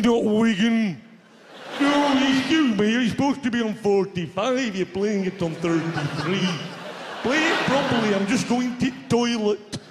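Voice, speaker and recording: A man voicing a blunt, defiant Northern woman with a Lancashire accent who talks very slowly. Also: extremely high pitch. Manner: very slow, drawn-out speech. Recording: reverberant theatre hall with audience noise.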